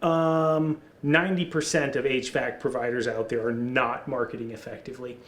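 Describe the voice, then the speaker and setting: A man co-hosting a podcast, talking casually in a rambling, energetic way in an office conference room. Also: medium pitch, normal speed, reverberant. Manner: rambling, energetic, restarts often. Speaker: podcast co-host.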